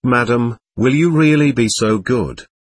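A man voicing a desperate, nervous young man who pleads frantically and overly politely, with a husky voice. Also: medium pitch, measured pace, dry recording, lightly acted. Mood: pleading.

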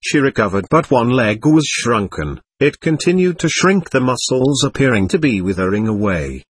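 A man reading a spiritual text and story aloud in a measured, earnest, solemn way. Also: mid-range voice, very animated, breathy edge. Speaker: narrator.

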